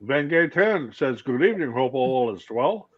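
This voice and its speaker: A man with a Midwestern accent co-hosting a livestream, relaxed and joking as he reads out viewer comments. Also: mid-range voice, moderate pace. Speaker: livestream co-host. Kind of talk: casual livestream chat. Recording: muffled lo-fi mic.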